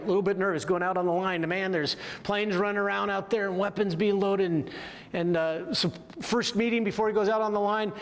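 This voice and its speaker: A man whose voice sits high gives a storytelling lecture on motivational military leadership, frequently turning to the audience with "right?" A long reverb tail trails after his words.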